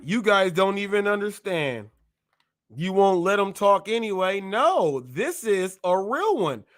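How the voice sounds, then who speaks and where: A man hosts a live online talk show in a high voice. He argues in an emphatic, repetitive, challenging way. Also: sing-song, a little slow, a bit bright, slight background noise. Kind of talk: heated livestream talk.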